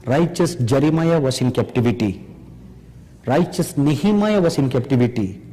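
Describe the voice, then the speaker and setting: A man preaching a sermon slowly and emphatically, pressing the audience with rhetorical questions. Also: medium pitch, animated, warm tone. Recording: long hall reverb.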